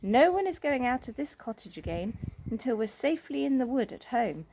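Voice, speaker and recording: A woman voicing Moonface, a bossy, decided magical man, in a storybook reading, speaking firmly and briskly. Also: on the high side, very animated, darkish tone, slight background noise. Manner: firm and brisk.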